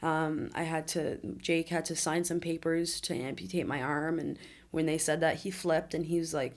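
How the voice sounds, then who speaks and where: Twenties woman guest on a podcast, raspy low-ish voice, open and emotional, laughs it off sometimes. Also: steady tone, moderate pace. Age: 20s. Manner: candid, shaky, laughs through hard moments. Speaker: interview guest. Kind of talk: emotional personal storytelling.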